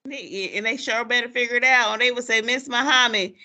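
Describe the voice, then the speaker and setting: A woman, talking with a bright, ringing tone. She tells her stories with lots of life, acts out every quoted line, and laughs often. She sits slightly above the usual pitch for a woman. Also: a little fast. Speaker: podcast host, former teacher. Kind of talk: casual chat with a friend.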